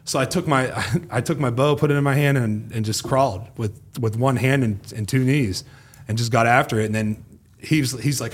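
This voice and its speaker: Husky man telling a story with gusto. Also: medium pitch, moderate pace. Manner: animated storyteller who acts out quoted speech, swears casually. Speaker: guest, former pro football player. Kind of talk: casual storytelling podcast chat.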